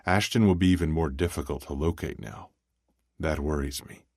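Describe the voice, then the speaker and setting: A man narrating a first-person audiobook in an extremely deep voice. His reading is measured and brooding. The sound is close and dry. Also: darkish tone, dry recording.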